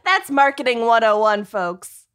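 A woman's voice: fairly high pitch, very animated, unhurried, a bit bright, clear, resonant tone. A woman co-hosting a podcast, laughing through laid-back casual banter. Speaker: podcast co-host. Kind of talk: casual chat.

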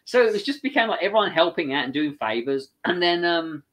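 English man spinning an animated yarn. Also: fairly high pitch, a little fast. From England. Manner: animated, acts out other people's lines. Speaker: guest. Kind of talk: casual anecdotal storytelling.

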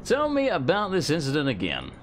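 A man's voice: on the high side, wildly swooping pitch, fairly quick, a little hiss or hum. A man hosting a let's play, giving casual gameplay commentary, joking and cursing freely. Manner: laughs often, swears casually.

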